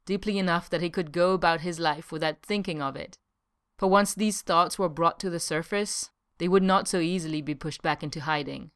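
A woman reading a novel aloud in a measured, unhurried way. Her voice sits low and sounds smooth and resonant. She tells the story steadily, as an audiobook narrator. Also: fairly bright tone. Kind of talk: scripted narration.

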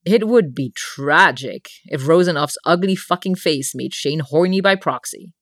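A woman narrating a comic story as an audiobook, with a wry, deadpan delivery. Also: sits low, a little slow, no room sound, studio quality.

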